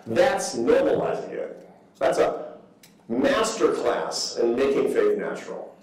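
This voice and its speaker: A man in his fifties giving a public lecture, telling stories with lively asides and mock voices. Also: a little high, a little slow, long pauses. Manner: animated storytelling with asides. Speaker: guest speaker. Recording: echoey hall from far off.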